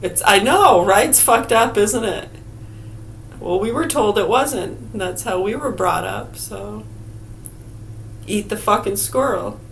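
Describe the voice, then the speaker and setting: A woman's voice: medium pitch, lively intonation, slow pace, creaky, slight background noise. A middle-aged woman vlogging in a casual, sarcastic rant full of swearing. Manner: profane, sarcastic, heated. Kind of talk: casual ranting monologue.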